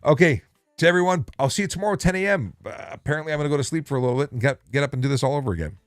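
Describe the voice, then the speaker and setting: A man's voice: mid-range voice, rapid-fire, no room sound, studio quality. A man hosting a casual livestream, chatty and joking, laughing easily. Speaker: show host.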